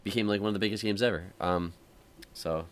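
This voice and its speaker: Low-voiced man chatting loosely. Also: fairly quick, slight background noise. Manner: rambling, relaxed storytelling with many fillers. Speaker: podcast host. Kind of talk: casual chat.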